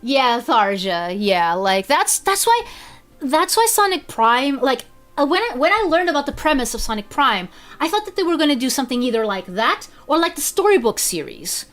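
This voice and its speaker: Chatty woman with a higher voice. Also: a little fast, few pauses, faint music behind. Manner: chatty, animated, restarts often. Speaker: streamer. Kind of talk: casual live-stream chat.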